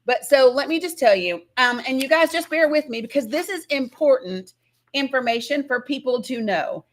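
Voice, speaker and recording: A woman's voice: sits high, animated, normal speed. A woman from Northeast Tennessee hosting a political live stream, talking emphatically and insistently while greeting viewers in the chat.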